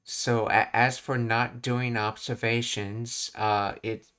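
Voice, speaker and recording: Slow, halting man thinking aloud. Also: medium pitch, flat delivery, fairly bright tone, clear, resonant tone. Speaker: Japanese learner walking through anime dialogue. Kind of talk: thinking-aloud study session.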